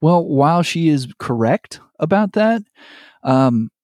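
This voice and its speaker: A man's voice: fairly high pitch, very animated, slow pace, a little mellow, dry recording, clean studio sound. A man co-hosting a casual chat podcast, recapping a TV episode in a rambling way with restarts and laughter. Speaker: podcast co-host.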